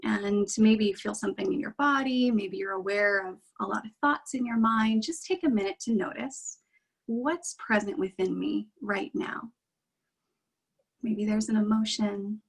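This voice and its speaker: Breathy woman guiding a meditation. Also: medium pitch, low-quality recording. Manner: gentle, reassuring, unhurried. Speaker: meditation guide. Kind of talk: guided meditation.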